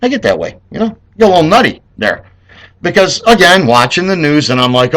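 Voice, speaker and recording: A man's voice: on the high side, huge pitch swings, brisk, fairly bright tone. A middle-aged man from the United States delivering a heated, rambling and sarcastic vlog rant. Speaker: political vlogger. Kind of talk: ranting vlog monologue.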